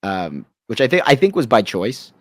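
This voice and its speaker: A man's voice: on the low side, big pitch swings, moderate pace, dry recording. Chatty self-mocking man, dry sound. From Canada. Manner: rambling self-deprecating storyteller who acts out quotes. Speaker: guest, actor. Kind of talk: casual podcast chat.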